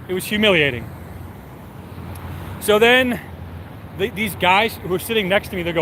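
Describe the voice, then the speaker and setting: A man's voice: sits high, moderate pace, pauses often, a little hiss or hum. A man streaming and answering chat, telling a story in a casual, rambling way full of fillers. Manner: rambling, filler-heavy, animated retelling.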